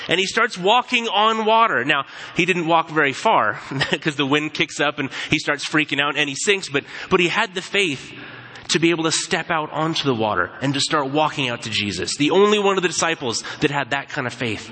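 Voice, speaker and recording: A man's voice: on the high side, expressive, a little fast, pushed and bright. A man preaching a sermon in a casual, conversational way, telling stories and acting out quoted voices as he goes. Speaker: pastor. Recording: long hall reverb.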